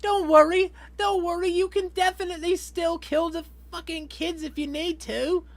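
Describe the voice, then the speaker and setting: Man doing a put-on British accent, sarcastic official, squeaky high voice. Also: steady tone, normal speed. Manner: sarcastic, high-pitched, reassuring.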